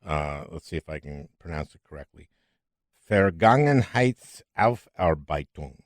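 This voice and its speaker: A man hosting a podcast interview, chatting casually in a jokey, animated way with rambling asides. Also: extremely low pitch, brisk, no echo, studio quality. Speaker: podcast host.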